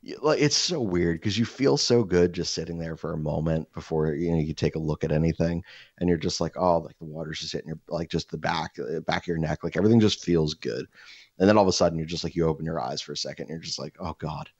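Young male podcast host, very low voice, rambling, profane storytelling, dry lo-fi sound. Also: fast, a little mellow, breathy edge, no echo. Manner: rambling, profane, many fillers and restarts. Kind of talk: casual storytelling chat.

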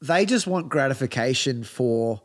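A man's voice: mid-range voice, animated, a little slow. A man with an Australian accent, bantering bluntly and sardonically with a co-host, swearing often. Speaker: podcast co-host. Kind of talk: casual banter. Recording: roomy long reverb.

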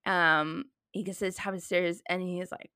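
A woman in her thirties in casual chat, telling a story with lively quoted dialogue. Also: fairly low pitch, fairly quick, clear, resonant tone, no room sound, studio quality.

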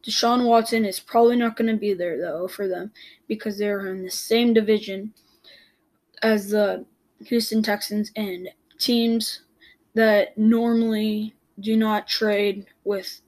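A man's voice: sits high, little pitch movement, measured pace. A young man hosting his own sports podcast, giving blunt opinions in a rambling way, full of restarts and repeated words. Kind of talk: casual solo sports commentary.

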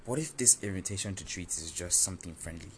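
A man telling a first-person story in an animated, confessional, self-mocking way. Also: deep voice, quick pace, a little hiss or hum.

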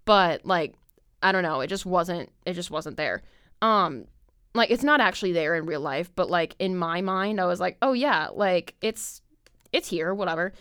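At a moderate pace, a young woman hosting a podcast tells a long, rambling story, relying heavily on "like" and swearing often. Her lowish voice is a bit bright and smooth, in a dry, studio-quality recording.

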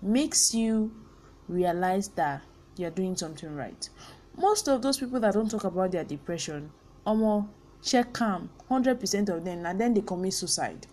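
A woman's voice: mid-range voice, lively intonation, moderate pace, warm tone. A young Nigerian woman hosting a personal podcast, speaking candidly and earnestly and slipping in pidgin phrases. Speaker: podcast host.

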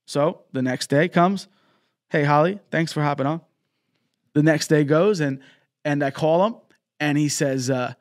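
A man's voice: on the high side, a little slow, long pauses. A traveling male preacher telling a personal story and appealing for donations in a fervent broadcast sermon, often breaking in with praise. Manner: fervent, peppered with exclamations of praise; storytelling with quoted dialogue.

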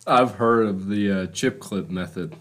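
Young man, low voice, dry deadpan, brief answers, podcast co-host. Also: unhurried. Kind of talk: casual crude chat.

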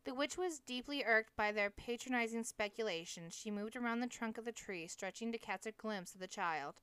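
Woman reading a novel aloud, smooth clear voice. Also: on the high side, dry recording. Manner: steady, measured reading. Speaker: audiobook reader. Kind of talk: audiobook narration.

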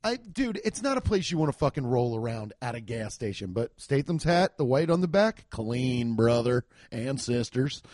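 A man's voice: mid-range voice, very animated, normal speed, hardly any pauses, a little mellow, no room sound, studio quality. A young man giving a profane, exasperated comedic rant reviewing a movie.

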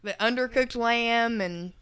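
A woman's voice: fairly high pitch, measured pace, fairly bright tone, clean tone. A woman co-hosting a podcast, chatting casually about a movie's plot and often trailing off and restarting. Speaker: podcast co-host.

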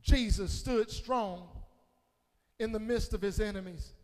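A man preaching a sermon as pastor, calling on the congregation and swinging between shouted peaks and hushed low passages. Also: unhurried. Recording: long hall reverb.

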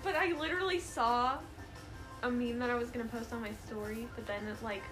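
A woman's voice: a little high, fairly even intonation, fairly quick, over music. A young woman in casual chat with friends, telling stories animatedly and laughing as she complains.

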